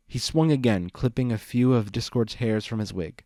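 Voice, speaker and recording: A man reading a fan fiction story aloud, with steady narration. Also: mid-range voice, normal speed, few pauses, no room sound, studio quality. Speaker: reader.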